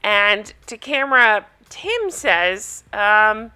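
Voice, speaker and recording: A woman's voice: medium pitch, lively intonation, moderate pace, bright, forceful tone. A woman chatting casually with viewers as she recaps a reality show, amused and talkative.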